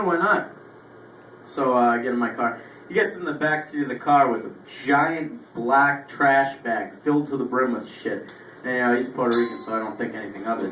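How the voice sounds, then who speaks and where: A man's voice: medium pitch, fairly bright tone, slight background noise. A young man doing stand-up comedy, telling rambling, profane stories about his week. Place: small lounge stage. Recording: echoey room, voice from far. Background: faint room ambience, audience laughter.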